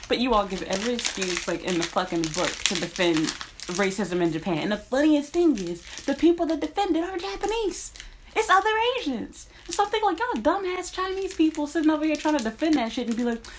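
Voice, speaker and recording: A woman's voice: high voice, expressive, brisk, a little hiss or hum. A woman talking casually to her viewers, blunt and profane, speaking as a teacher. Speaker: teacher in Japan. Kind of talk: casual vlog rant.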